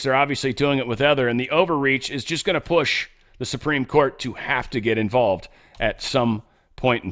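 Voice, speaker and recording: A man hosting a solo show, reading news excerpts aloud and reacting in a casual, offhand way, often trailing off into low muttered asides. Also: fairly bright tone. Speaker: show host.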